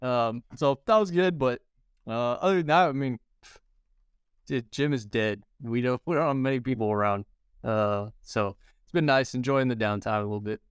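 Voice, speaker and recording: A man who coaches and co-hosts chats casually, pausing often on ums and uhs. His voice is clear and smooth. It is recorded dry, with no room echo. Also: medium pitch. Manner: hesitant, many ums and uhs. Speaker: coach and podcast co-host. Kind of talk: casual chat.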